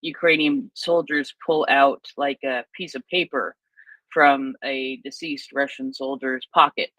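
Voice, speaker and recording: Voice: mid-range voice, bright, forceful tone, no room sound, poor audio. A co-host in casual live chat, retelling what others said, with many fillers and restarts.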